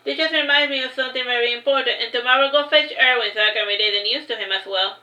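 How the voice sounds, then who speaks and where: A woman voicing a calm, resolute young heroine in a storybook reading, speaking plainly and matter-of-factly. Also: high voice, quick pace, muffled recording. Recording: roomy echo.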